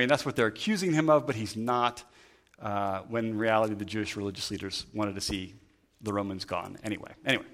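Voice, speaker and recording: A man preaching a relaxed sermon at a middling pitch. He talks it through conversationally and often restarts his sentences as he thinks aloud. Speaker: pastor.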